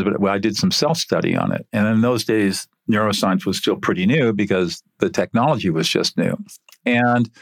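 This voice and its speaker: An older man, an interview guest, telling a story from his work in an earnest, animated way. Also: fairly low pitch, no room sound, studio quality.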